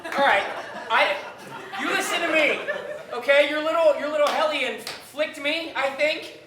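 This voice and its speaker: A woman's voice: high voice, a little slow, crowd noise. A woman playing a furious ranting traveler. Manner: ranting, yelling insults. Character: furious foul-mouthed woman stranded in an airport. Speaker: stage comedy actor. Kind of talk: live stage comedy acting. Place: large theatre stage. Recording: roomy live theatre, distant mic, faint noise.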